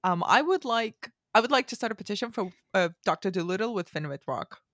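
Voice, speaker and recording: A woman's voice: medium pitch, expressive, a little fast, fairly bright tone, dry recording, studio quality. A woman hosting a casual podcast chat, laughing often and putting questions to her guest. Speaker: podcast host.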